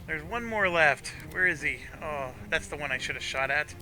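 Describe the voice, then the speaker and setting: A man's voice: a little high, animated, normal speed. A middle-aged man casually commenting as he plays a game, thinking aloud with small restarts. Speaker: gameplay commentator. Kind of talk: casual let's-play commentary. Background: faint game music.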